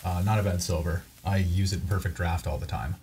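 Low-voiced man musing over card packs. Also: fairly even intonation, a little fast, background noise. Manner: wry, self-deprecating, thinks aloud. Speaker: gaming channel host. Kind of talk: casual game commentary while opening card packs. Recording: voice over loud background music.

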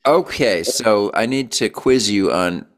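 Low-voiced man hosting an interview. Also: animated, slow pace. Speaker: interview host. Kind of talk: casual interview chat.

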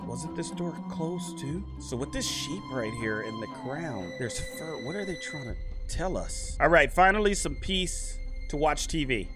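An excitable young man talking through a game in casual commentary, in a fairly high voice. He reads the on-screen prompts aloud and yelps and whines when the game annoys him. Loud game music plays under his voice. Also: unhurried, few pauses. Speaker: gaming YouTuber. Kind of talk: casual let's-play commentary.

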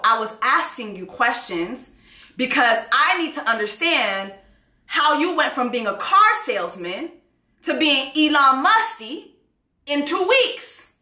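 A woman in her thirties hosts a casual vlog, talking straight to her viewers. Her voice is bright and fairly high, and she acts out both sides of a dating exchange as she tells it. The room around her is echoey. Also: a little slow. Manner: animated storytelling, acts out quoted exchanges. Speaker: host.

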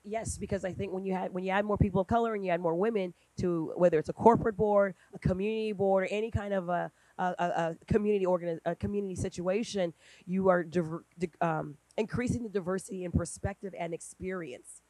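A middle-aged woman speaking on a panel at a brunch event, talking in a lively conversational way and acting out quoted dialogue. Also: quick pace, dry recording. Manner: animated, acts out quoted dialogue with big pitch jumps.

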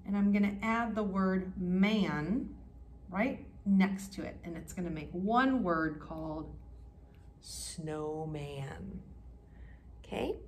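A woman runs a music class for kindergartners, using a medium-pitched voice against slight background noise. Speaking slowly and plainly to the small children, she urges them to join in.

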